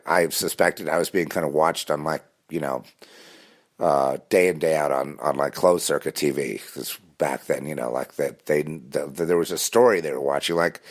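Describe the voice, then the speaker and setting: A man delivering a rambling, insistent personal monologue, full of restarts and repeated words. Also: sits low. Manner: intense, insistent.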